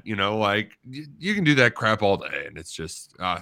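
Young male radio co-host, low-pitched and sharply bright, loose rambling banter. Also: very animated, normal speed, few pauses. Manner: rambling, lots of "like" and "you know". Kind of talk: casual sports radio chat. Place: radio studio. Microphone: studio microphone.

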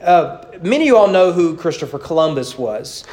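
A male pastor preaching a sermon in church, animated, with rhetorical questions and repeated words. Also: fairly high pitch, fairly quick. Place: church sanctuary.

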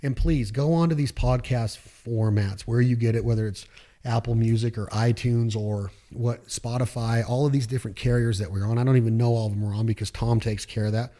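A man's voice: medium pitch, steady tone, a little fast, mellow. A man hosting a podcast, talking casually in a fired-up, preachy pep-talk way with slang and swearing. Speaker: podcast host.

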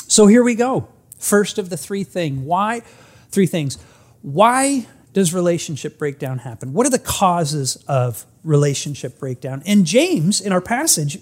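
A pastor giving an earnest sermon, slowing down for emphasis and acting out a story. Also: medium pitch. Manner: earnest, emphatic, acts out stories; frequent restarts, slows for emphasis.

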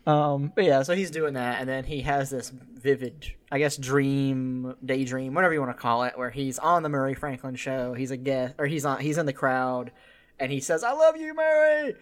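A man's voice: medium pitch, normal speed. A man co-hosting a casual podcast, recapping a movie scene by scene, often laughing and acting out characters' lines. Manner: animated, laughs often, acts out quoted lines. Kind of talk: casual film recap chat.

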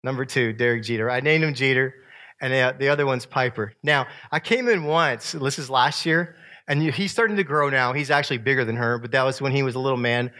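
Animated joking man. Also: medium pitch, a little fast. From Virginia. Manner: upbeat, joking, swings loud and soft. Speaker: speaker sharing family photos. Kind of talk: casual talk to an audience.

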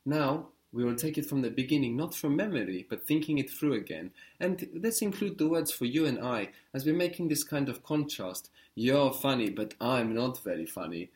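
A man's voice: fairly high pitch, lively intonation, fairly quick, few pauses, a little mellow. A man tutors a student one phrase at a time. His voice is patient and encouraging, and he paces the lesson carefully. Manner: patient, encouraging, step-by-step prompting. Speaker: language teacher. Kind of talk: guided language lesson.

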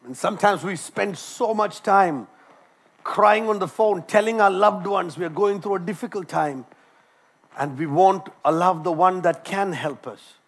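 A man preaches a sermon in a high, animated voice. He tells a personal story as he goes. He often repeats words and starts his phrases over. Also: unhurried. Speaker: doctor.

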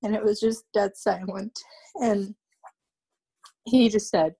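A young woman, a podcast guest, recounting a painful personal story in a halting way, often repeating herself and restarting sentences. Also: mid-range voice, fairly even intonation, vocal fry, warm tone, husky.

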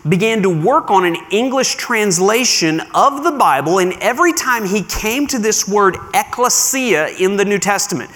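A man preaching to his congregation in a sanctuary, his voice high and lively as it rises and falls. He talks easily, then slows right down to lean on key words. A long reverb trails each phrase. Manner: animated, conversational preaching with slow emphatic stresses. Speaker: pastor. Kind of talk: sermon. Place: church sanctuary.

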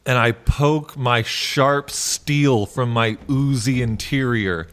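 A man's voice: slow, fairly bright tone. A man playing in a tabletop game, joking around and giggling as he describes his character. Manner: jokey, giggly, swinging up and down in pitch. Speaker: player. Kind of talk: playful tabletop banter.

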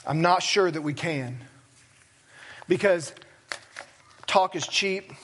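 A man's voice: high voice, takes it slowly, fairly bright tone, slight background noise. A man preaching a sermon as pastor, talking plainly and conversationally with self-deprecating asides. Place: church sanctuary.

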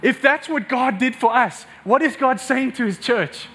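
Impassioned high-voiced male preacher. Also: moderate pace. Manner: passionate, repetitive, rising to near shouts. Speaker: pastor. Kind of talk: sermon.

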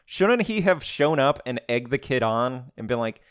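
A man's voice: medium pitch, sing-song, normal speed, clear, resonant tone. A man co-hosting a casual movie recap, joking wryly and dropping into character voices. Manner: wry, jokes along, drops into character voices. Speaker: podcast co-host.

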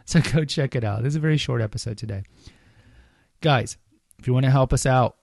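Gravelly-voiced man hosting a chatty podcast. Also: medium pitch, a little fast, a little mellow, no room sound, clean studio sound. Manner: chatty, rambling asides and self-corrections. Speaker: podcast host. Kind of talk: casual solo podcast explainer.

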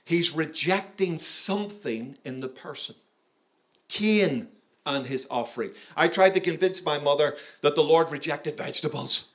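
A man preaching with a voice pitched a little above the usual male range. He is emphatic, leans into key words and keeps turning to his listeners with questions to pull them along through the sermon. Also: measured pace, a bit bright. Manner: emphatic, engaging, asks the audience questions. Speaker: pastor.

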